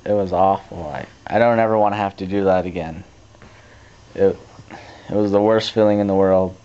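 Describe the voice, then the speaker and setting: A man's voice: sits low, clean tone. Teen guy rambling on lo-fi tape. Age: teens. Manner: rambling, restarts often, animated when retelling. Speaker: vlogger. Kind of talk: casual storytelling to camera. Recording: dull lo-fi camcorder tape audio.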